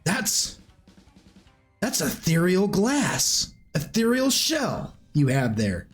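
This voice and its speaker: A man's voice: high voice, wildly swooping pitch, slow pace, soft background music, heavily acted. A man voicing a scholarly male noble who is eager about rare finds and dry about bad news. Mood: excited.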